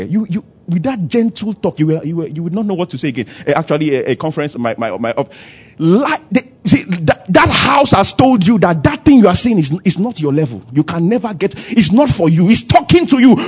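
A male pastor preaching with a high, husky voice that leaps all over the place as he acts out scenes. He moves between loud bursts and quiet asides. The church recording sounds dull and lo-fi. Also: a little fast, hardly any pauses. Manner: animated preaching, acts out dialogue, shifting loud and soft. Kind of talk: sermon. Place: church service.

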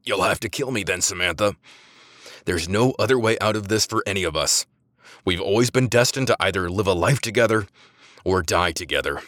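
A man's voice: low voice, animated, a little fast, a bit bright, no room sound, studio quality. A man voicing a smug, obsessive male spymaster villain who taunts and turns manic, in an audiobook. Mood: taunting.

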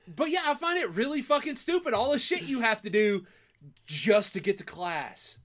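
A man co-hosts a podcast, ranting with excitable, swearing energy. His voice sits high and swings widely in pitch. The bright, dry close-mic sound keeps every word forward. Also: moderate pace. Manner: excitable, swearing, rants with lots of laughter. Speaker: podcast co-host. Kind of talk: casual comedic banter.

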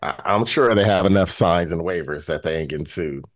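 A man's voice: low-pitched, brisk, no echo. A man on a podcast making blunt wisecracks. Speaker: podcast co-host. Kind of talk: casual chat.

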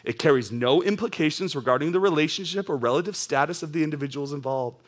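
Young adults pastor in his thirties, male, higher-pitched voice; casual, animated sermon delivery. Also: quick pace. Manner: conversational, animated storyteller with casual asides.

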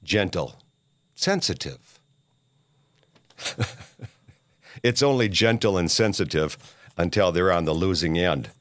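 A man from Minneapolis hosting his own podcast, ranting in a halting, rambling way full of filler sounds and restarts, with a scornful, combative edge. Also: sits low, fairly bright tone, no room sound, clean studio sound. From Minneapolis, USA. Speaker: podcast host. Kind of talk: solo rant monologue.

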